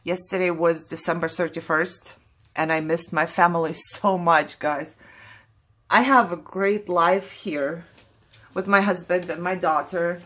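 Tearful woman, bright tone, candid and apologetic, swinging up and down. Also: on the low side, steady tone, a little slow. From Germany. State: fighting back tears. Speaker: craft vlogger opening mail. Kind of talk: casual voice-over while opening mail.

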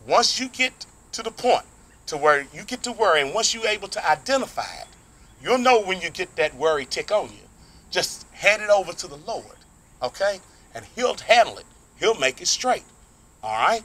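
A male pastor preaches outdoors with a lively, up-and-down delivery and a bright, forceful tone. His style is folksy and conversational, full of quick check-ins with the listener and bursts of excitement. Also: high-pitched. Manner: animated, folksy preaching with call-and-response asides. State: sweating in the heat. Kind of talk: sermon.

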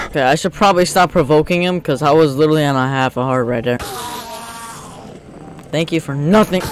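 A young man talks through his gameplay in an excitable, joking way, often shouting out at the creatures he fights. His voice sits a bit high for a man. Game music plays clearly behind him. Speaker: gamer. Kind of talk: let's play commentary.

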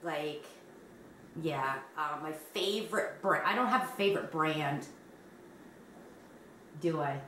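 A woman's voice: low-pitched, slow, pauses often, fairly bright tone, a little hiss or hum. A woman hosting a crochet video, chatting casually, rambling and laughing often. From Canada. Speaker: crochet channel host. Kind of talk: casual chat. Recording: roomy, distant mic.

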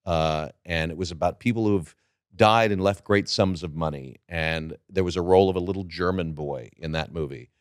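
A middle-aged man, a guest actor, telling stories from his career in a relaxed interview chat. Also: low voice, moderate pace, dry recording, studio quality.

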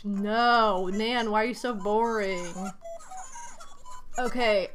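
A woman streamer giving casual commentary over a game, reading lines aloud and breaking into loud exasperated outcries. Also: mid-range voice, steady tone, slow pace, slight background noise.

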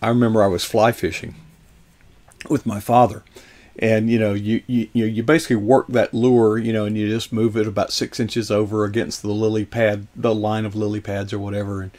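A man's voice: fairly low pitch, level tone, brisk, darkish tone. A man hosting an interview, rambling through childhood stories in casual chat. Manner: rambling reminiscing storyteller. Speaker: show host.

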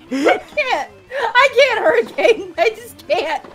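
Giggly high-voiced woman gamer. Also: big pitch swings, slow, a bit bright. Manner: giggly, laughs often, playfully flustered. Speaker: co-player on stream. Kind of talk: casual gaming stream chat.

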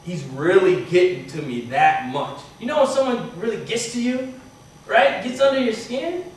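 A man's voice: high voice, expressive, normal speed, a little hiss or hum. A man giving a motivational talk to students, telling a story in a chatty way and often asking "right?". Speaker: motivational speaker. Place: university hall. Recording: echoey hall from far off.

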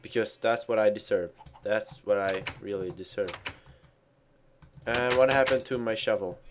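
A man's voice: fairly low pitch, fairly even intonation, measured pace, noisy background. A man giving casual let's play commentary while he plays, rambling and mocking himself with stumbling restarts. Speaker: gamer.

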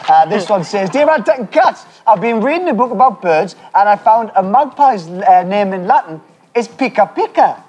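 A man's voice: sits high, lively intonation, moderate pace, darkish tone, a little hiss or hum. A man co-hosting a live children's TV show, teasing his partner and laughing through playful studio banter. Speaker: children's TV co-host. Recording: live studio audience behind. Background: audience.

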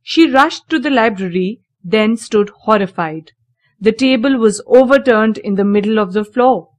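A woman reading a children's story aloud, slow, clear and deliberate. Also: fairly high pitch, dry recording.

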